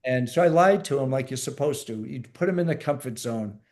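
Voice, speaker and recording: A man's voice: medium pitch, animated, fairly quick, darkish tone. A man who served as a military medic, telling a story in a podcast interview in a plain-spoken way with frequent repeats and restarts. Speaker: podcast guest, former Navy SEAL medic.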